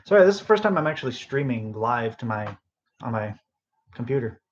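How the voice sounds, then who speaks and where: A young man rambling through a story from his retail job, losing his thread and wandering into asides, sounding sleep deprived. His voice sits at an ordinary middle pitch. The phone on his bedside table gives the sound a slightly dull, muffled quality. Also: sing-song, a little fast, slight background noise. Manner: rambling, lots of fillers and asides. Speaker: podcast host. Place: bedroom, phone on end table.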